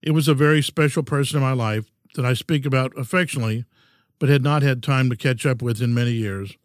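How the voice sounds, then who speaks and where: A man in his sixties hosting a podcast, giving an earnest, measured, folksy reflective monologue. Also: mid-range voice, no echo, studio quality. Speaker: podcast host.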